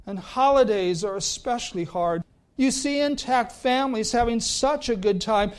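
A male pastor preaching a sermon and reading scripture, deliberate, with his voice sinking soft at the ends of phrases. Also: extremely high pitch, lively intonation.

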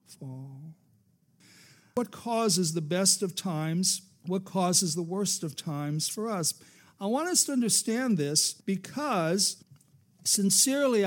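A man preaching a sermon as pastor, rising and falling for emphasis and calling for amens. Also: a little high.

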